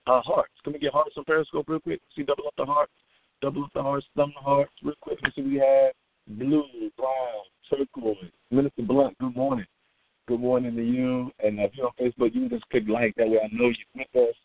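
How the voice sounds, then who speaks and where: A man's voice: mid-range voice, no room sound. A middle-aged man hosting a morning devotional call as a pastor, greeting listeners by name in a loose, chatty way between his points. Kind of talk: live-streamed morning devotional. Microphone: phone line. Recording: phone-line conference call audio.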